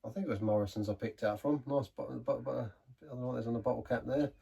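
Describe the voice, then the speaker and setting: A man's voice: mid-range voice, fairly even intonation, rapid-fire, gravelly, warm tone, husky. A man from England rambling through a casual beer review, self-mocking and repeating his words, laughing often. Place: pub.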